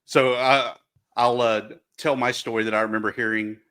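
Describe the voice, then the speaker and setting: A male podcast host with a bright, forceful tone chats easily with his co-host. He tells a quick locker-room anecdote and wraps up the episode with an easygoing manner at a mid pitch. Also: level tone, clear, resonant tone. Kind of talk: casual podcast chat.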